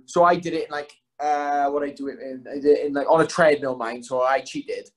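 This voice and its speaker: A young fighter appears as a podcast guest, telling rambling, self-mocking stories packed with swearing. His voice is fairly high and steady in tone, and he talks fairly quickly.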